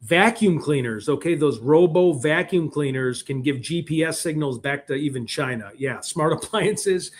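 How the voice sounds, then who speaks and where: A man's voice: on the high side, moderate pace, few pauses. Rambling Chicago-accented man. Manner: rambling, animated, joking asides. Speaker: livestream host. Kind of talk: casual live-stream chat.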